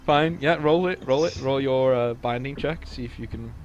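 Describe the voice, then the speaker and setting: A man's voice: mid-range voice, moderate pace, a little mellow, dull audio, slight background noise. A man running a tabletop role-playing game as game master, narrating playfully with stammering restarts.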